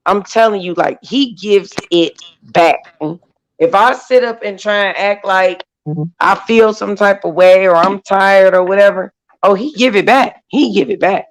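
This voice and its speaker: Brief: woman in her 40s, panel chat, lively storyteller who acts out quotes. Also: medium pitch, unhurried, rough recording. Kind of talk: casual group chat.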